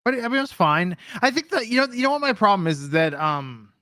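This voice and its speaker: A man's voice: high voice, sing-song, quick pace, pushed and bright, no room sound. A man co-hosting a wrestling podcast in casual chat, dry and wry, with hesitant fillers. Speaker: podcast co-host.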